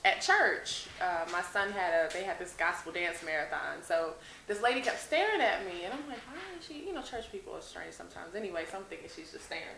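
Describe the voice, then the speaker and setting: A woman's voice: on the low side, lively intonation, fast talker, gravelly, pushed and bright, reverberant, slight background noise, rough recording. A woman actress telling anecdotes in a casual, conversational interview. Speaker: actress guest.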